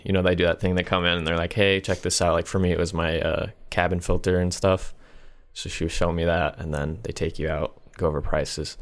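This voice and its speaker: A man's voice: sits low, a bit bright, clean tone. A young man telling a profane story in casual podcast chat, slipping into quoted voices. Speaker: podcast co-host.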